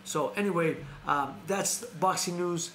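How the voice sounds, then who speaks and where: An American man hosts a loose boxing news chat, wandering through his points and circling back to repeat names. His voice sits a little high for a man. The room around him rings with echo, and a faint ambient hiss runs underneath. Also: a little slow, pushed and bright. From United States. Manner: rambling, repeats names and restarts phrases. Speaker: host.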